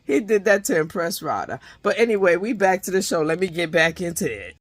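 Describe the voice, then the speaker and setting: A woman's voice: fairly low pitch, very animated, a little fast, hardly any pauses. A woman giving a casual, profane recap of a reality show episode, retelling scenes animatedly with many restarts. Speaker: reality TV reviewer.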